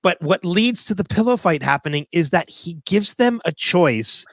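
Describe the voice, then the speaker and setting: A man's voice: sits high, animated, moderate pace, no echo. A man co-hosting a casual podcast discussion, rambling with lots of fillers and laughing often. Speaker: podcast co-host.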